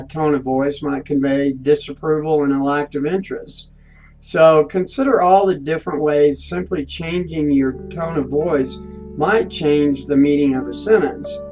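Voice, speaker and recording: A man giving a recorded course lecture, talking in a halting way with frequent restarts and fillers. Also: a little high, darkish tone, poor audio. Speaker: instructor.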